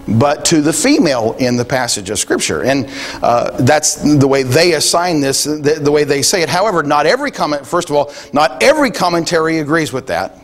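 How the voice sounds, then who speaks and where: A man preaching a sermon in a conversational way, thinking aloud with frequent restarts and quoting scripture. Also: fairly high pitch. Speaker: pastor.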